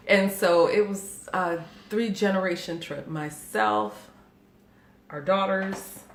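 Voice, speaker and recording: A woman in her forties telling a family story in a casual chat, animated and often laughing as she acts out what her family said. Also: mid-range voice, takes it slowly, creaky. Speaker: podcast co-host. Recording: echoey room with faint background noise.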